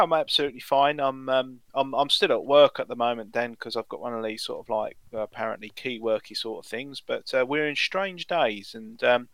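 A man's voice: medium pitch, bright, forceful tone, clear, resonant tone, dry recording. Rambling podcast co-host, man. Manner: rambling, with many ums and uhs. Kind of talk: casual podcast chat.

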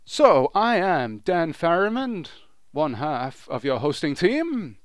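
A man hosting a casual podcast with an upbeat, presenter-style delivery. His voice sits a little high and sounds smooth and clear. The recording is dry and close. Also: big pitch swings, takes it slowly, no echo. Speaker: podcast host.

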